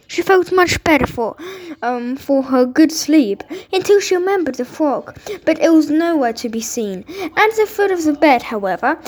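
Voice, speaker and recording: A woman reads a fairy tale aloud in a high, bright-sounding voice. Her pitch swoops up and down expressively. She trips over words and restarts, unrehearsed. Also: poor audio. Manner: unpolished read-aloud with slips and restarts. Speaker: storyteller.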